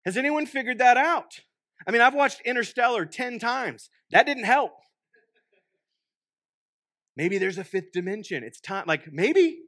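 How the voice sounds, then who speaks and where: A young man from Texas with a Texan accent preaching a sermon, joking and swinging between loud bursts and hushed asides. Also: very high-pitched, expressive, a little slow, pauses often, no room sound, clean studio sound. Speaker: pastor. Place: church.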